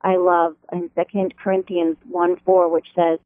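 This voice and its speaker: A woman's voice: moderate pace, few pauses. A middle-aged American woman, a radio devotional writer, chatting animatedly as an interview guest from her home over the phone. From American Upper Midwest. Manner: animated, laughs easily, pitch leaps when excited. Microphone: telephone. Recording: tinny phone line.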